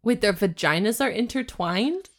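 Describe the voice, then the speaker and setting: A woman's voice: medium pitch, animated, normal speed. A woman co-hosting a comedy podcast, reacting with giggly, incredulous banter. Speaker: podcast co-host. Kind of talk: comic banter.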